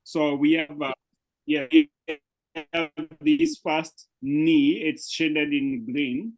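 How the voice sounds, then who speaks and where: A man's voice: a little high, lively intonation, slow, creaky, poor audio. A man teaching a beginners' language class over a video call, explaining patiently and checking often that his students follow. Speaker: Swahili teacher. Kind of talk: live online language class.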